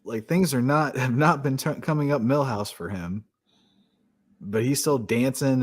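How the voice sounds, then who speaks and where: A man's voice: medium pitch, a little slow. Blunt, swearing podcast co-host guy. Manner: blunt and profane, laughing often. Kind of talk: casual chat.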